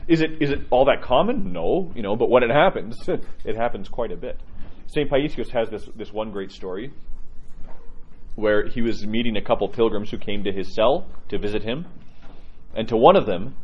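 A male priest telling stories to his congregation in an informal sermon, lively and often restarting his sentences. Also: mid-range voice, breathy edge, highs cut off. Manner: lively storyteller with frequent restarts. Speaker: Orthodox priest.

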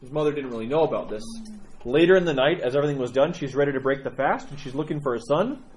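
A middle-aged man leads a storytelling lesson and retells a saint's legend in an animated way, with many fillers. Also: medium pitch, fast, background noise. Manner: animated, with frequent fillers and restarts. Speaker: religious teacher.

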